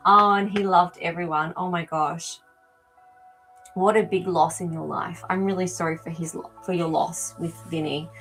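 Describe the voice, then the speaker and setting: A woman's voice: fairly low pitch, fairly even intonation, moderate pace, fairly bright tone, soft background music, low-quality recording. A woman hosting a live animal communication show, talking casually to viewers and thinking aloud with many ums. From not from America. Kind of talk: live-stream reading for viewers.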